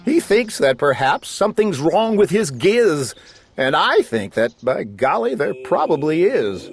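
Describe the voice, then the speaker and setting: A man's voice: a little high, big pitch swings, measured pace, soft background music. A man reading a rhyming children's book aloud in a playful, sing-song storytelling manner. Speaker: storybook reader.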